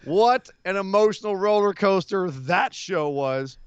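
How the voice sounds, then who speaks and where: A man co-hosting a live wrestling podcast, talking in an excitable, jokey way full of exclamations. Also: sits high, measured pace, clear, resonant tone, dry recording, highs cut off. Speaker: podcast co-host. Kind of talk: casual live podcast chat.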